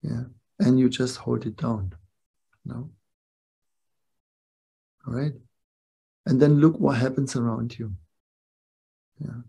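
Gravelly-voiced older man teaching. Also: mid-range voice, fairly even intonation, slow, long pauses, dark tone. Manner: reflective, keeps checking in with "yeah?" and "no?". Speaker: spiritual teacher. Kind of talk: spiritual talk to a live group.

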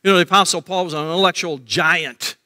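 Animated male preacher in a reverberant church. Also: sits high, quick pace. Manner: animated storytelling, acting out crowd voices. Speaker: pastor. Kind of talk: sermon. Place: church sanctuary.

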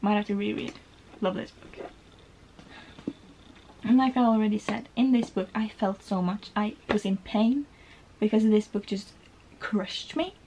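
A woman's voice: mid-range voice, normal speed, a little mellow, a little hiss or hum, low-quality recording. A young woman from Norway chatting about books she loved, emotional and rambling with lots of "like"s. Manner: gushing, emotional, rambling with many "like"s. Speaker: book vlogger. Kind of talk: casual book tag vlog.

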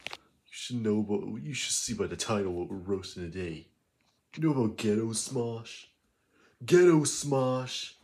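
A man's voice: mid-range voice, a little mellow. A man playing a cocky, scornful teenage boy in a fan parody roast, mocking and name-calling.

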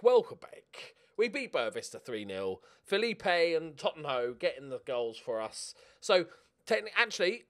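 A man giving casual, excitable commentary while he plays a football management game at home, swearing and cheering at the match. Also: sits high. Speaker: gaming YouTuber. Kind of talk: casual let's-play commentary.

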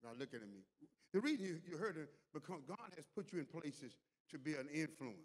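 A pastor delivering a sermon in a church, with call-and-response, repeated words and rising intensity. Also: male voice, a little high, big pitch swings, fairly quick. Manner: call-and-response preaching, repeats words, builds to loud climax. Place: large church hall. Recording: long hall reverb.

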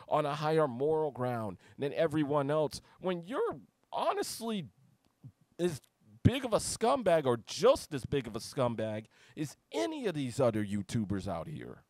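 A man's voice: a little high, no room sound. Man ranting angrily, dry close sound. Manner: heated, profane, shouty outbursts. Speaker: YouTube commentator. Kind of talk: angry reaction rant.

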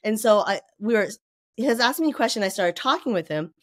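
A woman guest on a podcast, chatting casually about writing children's books and telling lively stories that act out other people's voices. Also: medium pitch, brisk, dry recording, studio quality. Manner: lively storyteller who acts out quoted voices. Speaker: guest, children's book author.

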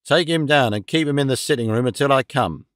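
A man's voice: mid-range voice, fairly quick, dry recording, studio quality, lightly acted. A man voicing a blunt, proud police inspector in an audiobook reading.

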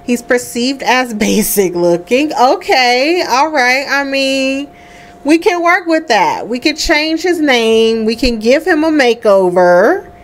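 Woman gamer chatting over her sims game, high voice that jumps all over, laughs a lot. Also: slow pace. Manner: chatty and animated, laughing often, talking to the sims. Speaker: gaming host. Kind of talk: casual let's play commentary.

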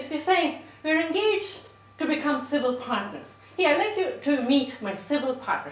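A woman's voice: high voice, a bit bright, roomy sound. A woman comedian doing a brash, punchy stand-up set.

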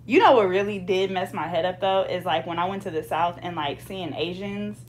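A woman's voice: on the low side, a little fast, slight background noise. A woman chatting casually with a client while braiding hair, slangy and talkative, reading viewer comments aloud. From Bay Area, California. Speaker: hair braider and channel host.

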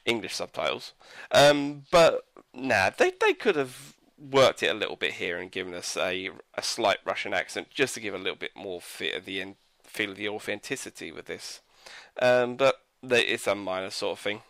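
A man's voice: on the low side, lively intonation, moderate pace, gravelly, a bit bright, no echo. A man reviewing a video game in casual commentary, rambling and hesitant, with frequent fillers and self-corrections.

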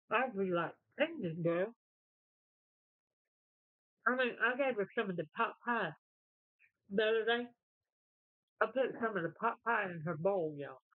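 A woman's voice: mid-range voice, dry recording. A woman chatting casually while eating, telling rambling, folksy stories. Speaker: mukbang vlogger. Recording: tinny, dry phone-like sound.

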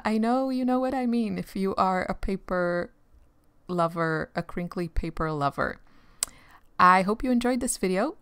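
A woman's voice: medium pitch, a bit bright, smooth, no room sound. A woman art vlogger chatting casually while she sketches, rambling with many fillers and frequent laughs.

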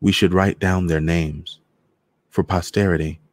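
A man's voice: deep voice, steady tone, measured pace, no room sound. A man voicing a fierce, defiant young woman in a story reading. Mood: earnest.

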